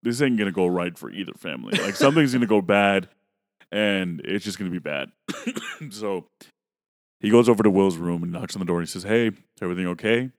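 A man's voice: sits low, lively intonation, a little fast, no room sound, clean studio sound. A man casually recapping a film's plot on a podcast, loose and profane, acting out bits of dialogue. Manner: loose, profane retelling of plot with acted-out quotes. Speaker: podcast co-host. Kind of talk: casual movie recap chat.

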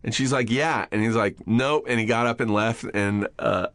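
Speaking at medium pitch with a fairly bright tone and moderate pace, this podcast host chats casually from a small studio room. He tells stories, swears freely and performs the voices of people he quotes, with no room sound in the recording.

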